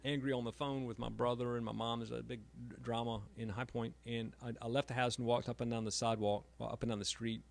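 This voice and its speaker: Halting author talk, gravelly middle-aged man, stumbles over words, dry self-mocking humor. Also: mid-range voice, level tone. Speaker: author and emergency room doctor. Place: library event room.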